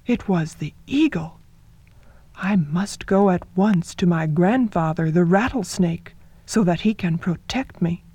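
A sly old witch, as a woman narrator puts her on, fretting about escape in a storybook tale. Her voice sits at a middling pitch with slow, careful delivery. The sound is dry and close. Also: lively intonation, dark tone, breathy edge, no echo. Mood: frightened.

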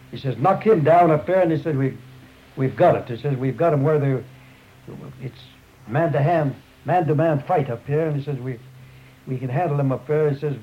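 Man, slightly high voice, telling an oral history in a loose, rambling, repetitive way; dull lo-fi tape with faint hiss. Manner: rambling, repeats "up there", many restarts. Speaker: storyteller.

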